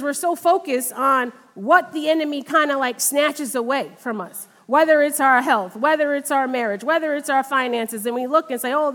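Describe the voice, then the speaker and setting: A middle-aged woman preaching a sermon in a church, talking conversationally and telling a personal testimony. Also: high voice. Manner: conversational, animated in retold dialogue. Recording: long reverb of a large hall.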